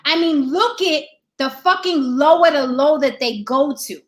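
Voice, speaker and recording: A woman's voice: sits high, a little slow. A woman hosting a discussion show, talking in an emphatic, profane way and repeating rhetorical questions to drive her point home. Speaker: podcast host. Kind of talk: opinionated discussion.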